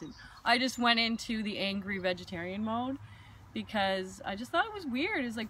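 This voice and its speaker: A woman hosting a casual chat, telling a personal story with lively, acted-out asides. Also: on the high side, brisk, a little hiss or hum. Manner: animated storytelling with acted-out quotes. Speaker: host.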